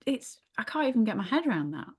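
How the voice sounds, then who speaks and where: A woman's voice: on the high side, sing-song, fast talker, husky. A middle-aged woman teaching a yoga class, thinking aloud with frequent restarts. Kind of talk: casual teaching in a small group.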